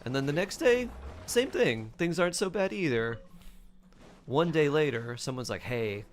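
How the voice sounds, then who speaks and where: A man streaming, casually retelling a dream in a chatty, animated way with many fillers. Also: on the high side, normal speed, slight background noise.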